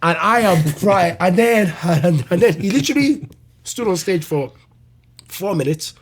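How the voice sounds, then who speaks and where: A man's voice: high-pitched, animated, unhurried, slight background noise. A young man, a comedian, telling a story casually, with lots of laughing, fillers and swearing. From Ireland. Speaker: comedian guest.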